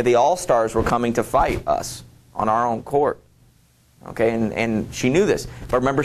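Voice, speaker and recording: Hesitant male teacher lecturing. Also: medium pitch. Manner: hesitant, full of fillers and restarts, addresses students directly. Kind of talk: classroom lecture.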